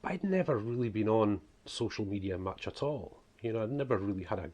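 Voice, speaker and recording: A northeast Scottish author and preacher, his accent toned down, talks casually to camera about his book series in a muffled recording. His voice is lowish, a little mellow, animated and brisk, and he rambles with plenty of "guys" and "you know."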